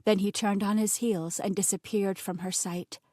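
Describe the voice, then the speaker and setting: Expressive woman narrating an audiobook. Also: medium pitch, normal speed, no room sound, studio quality. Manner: expressive, voices the characters.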